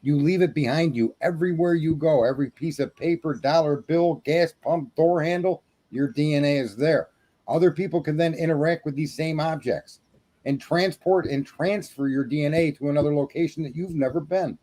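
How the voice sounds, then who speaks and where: A man with a warm, mellow voice argues hard as a guest on a casual true crime stream. He lectures with emphasis and pushes his point again and again. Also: a little high, moderate pace. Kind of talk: casual live-stream discussion.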